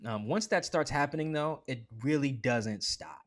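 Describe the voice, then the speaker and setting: A man with a medium-pitched voice appears as a guest on a sports podcast, talking casually and animatedly. He makes quick asides, acts out quoted voices, and leans on "like" as a filler throughout.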